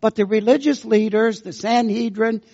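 A man preaching a sermon as pastor, telling folksy, unhurried stories. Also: sits high, dark tone. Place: church sanctuary. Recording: dull lo-fi sound with long church reverb.

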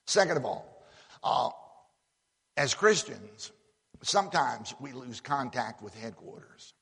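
A man's voice: medium pitch, lively intonation, takes it slowly, vocal fry, fairly bright tone. A man preaching a sermon in a folksy, emphatic way, often repeating words as he builds a point. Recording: long hall reverb.

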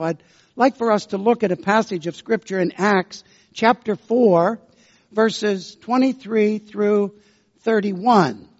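A man preaching a sermon as pastor, telling folksy, unhurried stories. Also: sits high, gravelly, darkish tone. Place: church sanctuary. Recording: dull lo-fi sound with long church reverb.

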